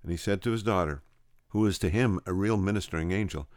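A man with a low, smooth voice retells a story from a religious revival, now and then stumbling over a word. The recording is dry and close, with no room sound. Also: fast talker, dry recording. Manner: voices quoted speakers with raised pitch; occasional stumbles and repeats.

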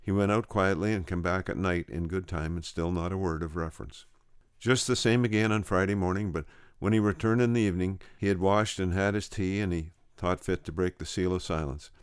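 A man with a low, smooth voice retells a story from a religious revival, now and then stumbling over a word. The recording is dry and close, with no room sound. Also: a little fast, no room sound. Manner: voices quoted speakers with raised pitch; occasional stumbles and repeats.

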